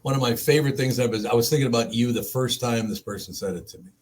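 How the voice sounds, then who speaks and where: A man's voice: medium pitch, quick pace, a little mellow. Rambling, laughing male radio host. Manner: rambling storyteller, laughing, mimics voices. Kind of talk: casual studio chat. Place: radio studio.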